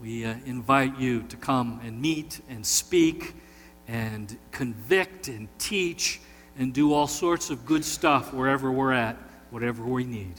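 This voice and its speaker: A man's voice: mid-range voice, a little slow, a bit bright, big-room sound, faint music behind. A man preaching as pastor in a church, opening with a prayer and then talking through a sermon in a folksy, conversational way, often asking the congregation questions. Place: church sanctuary.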